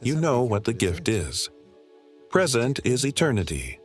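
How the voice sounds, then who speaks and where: A man's voice: medium pitch, big pitch swings, a little slow, soft background music. A man giving an earnest spiritual talk, explaining ideas and repeating his key points. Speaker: spiritual teacher.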